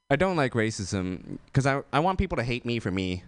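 A man's voice: medium pitch, big pitch swings, normal speed, background noise. A man doing an open-mic stand-up set, rambling and self-deprecating, with lots of fillers. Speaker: stand-up comedian.

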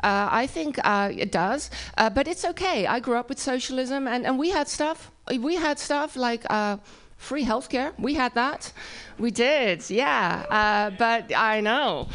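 A woman in her fifties with a Dutch accent delivers a dry stand-up set. Her voice is fairly high and smooth. She sounds self-deprecating and unhurried. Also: animated, a bit bright. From Netherlands. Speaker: stand-up comedian. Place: live comedy venue.

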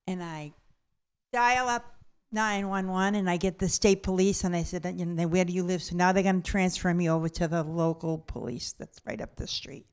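A woman's voice: fairly low pitch, steady tone, moderate pace, clear, resonant tone. A woman telling a comic personal story aloud, blunt and profane, acting out the other people's voices as she goes.

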